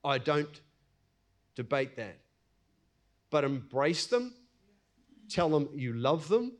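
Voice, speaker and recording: A middle-aged pastor, preaching in a conversational way and acting out everyday scenes. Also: male voice, a little high, big pitch swings, slow pace. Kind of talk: sermon.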